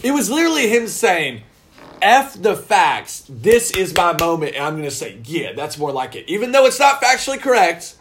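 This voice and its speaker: A man chats casually and bluntly, his voice swinging up and down with emphatic, indignant stresses. His voice sits a little high for a man. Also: sing-song, moderate pace, background noise. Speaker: co-host. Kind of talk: casual reaction chat.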